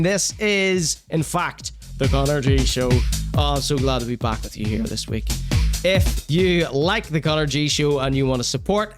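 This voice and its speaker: Male host, jokey promo patter, higher tone, over clear background music. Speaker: podcast host. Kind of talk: show intro and links.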